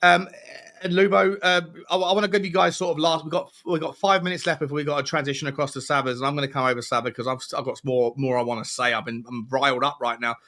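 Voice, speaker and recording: Bright-voiced host. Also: male voice, a little high, fast. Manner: energetic, rambling with restarts. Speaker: livestream host. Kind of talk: casual livestream chat.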